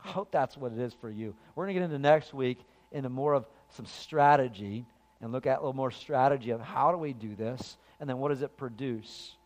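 A male pastor preaching a sermon with passion, swelling to loud peaks and then falling quiet. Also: medium pitch, brisk, long reverb tail.

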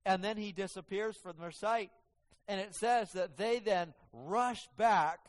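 Male preacher, earnest, halting restarts, slightly high voice, reverberant church hall. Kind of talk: sermon.

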